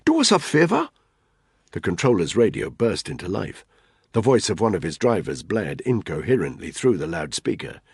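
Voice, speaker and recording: A man narrating a thriller audiobook in a measured, tense storytelling manner. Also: low-pitched, animated, darkish tone, husky, dry recording, clean studio sound.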